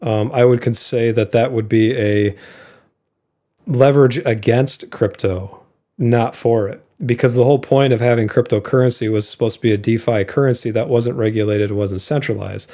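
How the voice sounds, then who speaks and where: A man's voice: medium pitch, steady tone, moderate pace, warm tone. A man co-hosting a casual podcast, explaining his views at length with plenty of filler words. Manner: rambling explanations with fillers and laughs. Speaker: co-host of an investing show.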